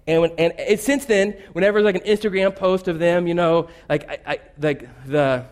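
A man's voice: high-pitched, a little fast. A man preaching a conversational sermon, loose and chatty, acting out quotes in shifting voices. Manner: loose and chatty, with fillers like "like" and "basically".

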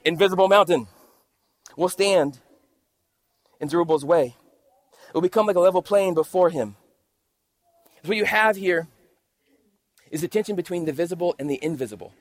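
At a church service, a pastor with a high-pitched voice reads scripture aloud and then works through it step by step. He addresses the congregation in a relaxed, conversational sermon at normal speed, pausing often.

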